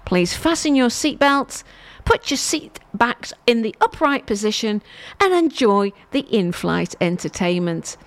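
A woman's voice: a little high, animated, unhurried. Woman putting on a nasal pilot voice, formal cabin announcement, sing-song rises and falls. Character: nasal female airline pilot making announcements.

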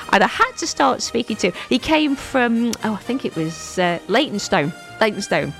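Chatty, gravelly-voiced woman presenter. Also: medium pitch, animated, normal speed, few pauses, faint music behind. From England. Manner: nostalgic, chatty, laughs easily. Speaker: radio presenter.

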